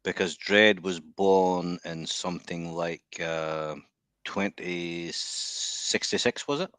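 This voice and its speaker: Low voiced guy on a movie podcast, dry sound, laughs a lot. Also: takes it slowly, a bit bright, clear, resonant tone, no room sound. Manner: laughs often, explains comic lore. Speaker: podcast co-host. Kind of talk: casual film review chat.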